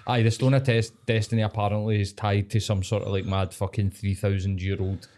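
A young Scottish man, a podcast co-host, telling a story in sweary, lively casual chat. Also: lowish voice, brisk. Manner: sweary, storytelling, animated impressions.

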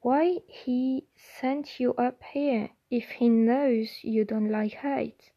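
A woman's voice: on the high side, fairly even intonation, slow, muffled recording. A woman reading the lines of a curious, polite teenage boy wizard in a plain, questioning tone.

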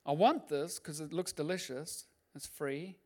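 A middle-aged man preaching as a pastor, swinging between loud urging and quiet, personal storytelling. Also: fairly high pitch, measured pace. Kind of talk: sermon.

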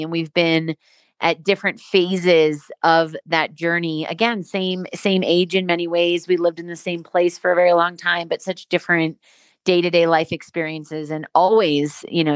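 Candid, low-voiced woman podcast host. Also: steady tone, moderate pace, no room sound. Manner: candid, reflective storytelling. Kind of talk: casual podcast chat.

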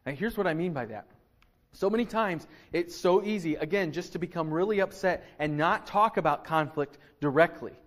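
A man's voice: a little high, normal speed. A male pastor who preaches a sermon in an earnest, emphatic way and uses rhetorical questions.

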